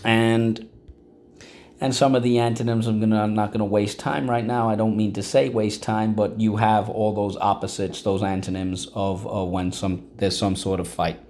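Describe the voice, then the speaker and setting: Teaching vocabulary and phonics, this man speaks at normal speed in a lowish, flat, slightly mellow voice, with a little background noise. He encourages his students and keeps checking in with a frequent "okay?"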